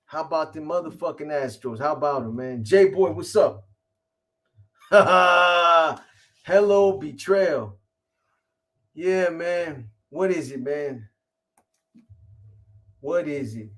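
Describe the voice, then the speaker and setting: A man hosting a live stream in a casual, rambling way, his voice sitting a bit higher than most men's. He swears freely, uses street slang and keeps greeting viewers by name. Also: takes it slowly, long pauses, a bit bright. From California.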